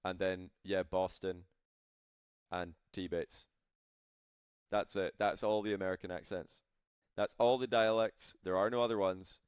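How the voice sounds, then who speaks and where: A low-voiced man chats with his stream audience, rambling from one thought to the next. His tone is smooth and clear. The sound is dry, with little room around it. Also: steady tone, measured pace, pauses often, dry recording. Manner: chatty, rambling, addresses chat. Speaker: esports caster. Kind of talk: casual live-stream commentary.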